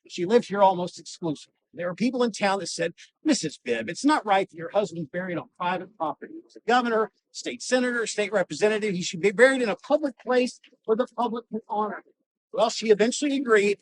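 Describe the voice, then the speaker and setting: A man performing a first-person historical monologue as a costumed reenactor, telling his story with dramatic pauses and wry humor. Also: high voice, fairly bright tone, poor audio. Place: outdoors in a cemetery.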